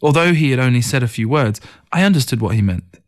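A man reading a first-person story as an audiobook, in a measured, reflective narration. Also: medium pitch, expressive.

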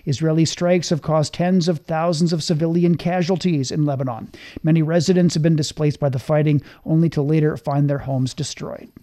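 A male news anchor reading the headlines in a steady, measured way. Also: a little high.

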